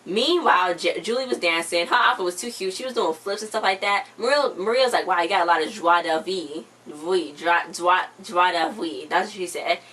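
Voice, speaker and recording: A woman's voice: mid-range voice, fairly quick, hardly any pauses, pushed and bright, low-quality recording. A young woman hosting a TV episode recap in casual chat, retelling scenes in quoted voices and laughing often.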